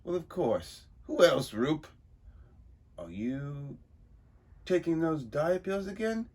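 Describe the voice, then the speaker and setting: A man voicing a gruff middle-aged male gangster sidekick in a comic book reading, with blunt street talk. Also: on the high side, animated, slow, a little mellow, voice pushed up, heavily acted. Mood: pushy.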